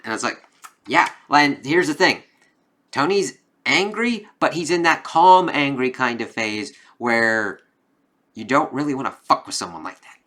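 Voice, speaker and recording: Bright-voiced man giving a profane comic review. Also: medium pitch, expressive, unhurried. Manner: profane, rambling retelling full of fillers. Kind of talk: casual spoken review.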